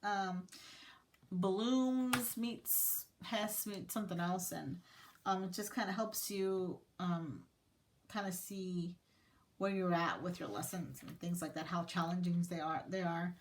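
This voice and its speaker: A woman in her thirties, a teacher, casually walking viewers through her planners in a slow, thoughtful way, with many fillers and a sentimental touch. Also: on the low side, slight background noise. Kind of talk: casual show-and-tell vlog.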